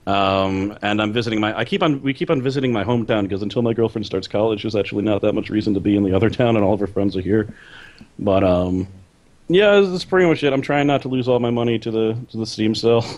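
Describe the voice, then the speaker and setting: A young man co-hosting a podcast, chatting casually in a relaxed way, full of fillers and chuckles. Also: fairly low pitch, fast talker, lo-fi sound. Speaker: podcast co-host. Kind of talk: casual chat.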